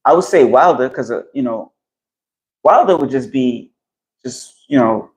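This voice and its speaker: A man rambling casually and profanely on a phone live stream while walking outdoors, getting animated as he talks. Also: mid-range voice, unhurried, rough recording. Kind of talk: casual live-stream chat about boxing. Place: outdoors in the heat. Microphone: phone held while walking outdoors.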